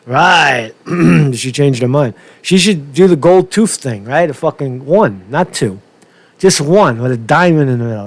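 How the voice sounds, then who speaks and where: A man's voice: mid-range voice, dry recording. A man with a New York accent giving a profane, rambling rant as he reacts to political clips, mocking and repeating himself as he goes. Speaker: commentary streamer.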